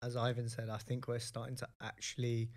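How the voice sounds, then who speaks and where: A man co-hosting a podcast in casual chat, animated, often laughing and calling the others "mate". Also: medium pitch, a little fast. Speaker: podcast co-host.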